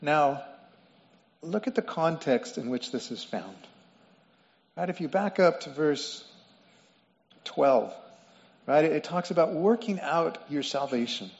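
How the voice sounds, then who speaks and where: A man's voice: a little high, lively intonation, slow pace, gravelly, pauses often. A man preaching a sermon, explaining word meanings and repeating phrases for emphasis. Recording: dull lo-fi sound with long reverb in a hall.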